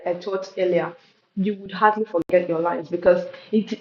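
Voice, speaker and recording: During a live poetry lesson, a woman fields questions and speaks emphatically, stretching out stressed words and frequently breaking off to repeat or restart phrases. Her pitch is medium, in the middle of the range. A steady hiss runs through a muffled, noisy, roomy recording.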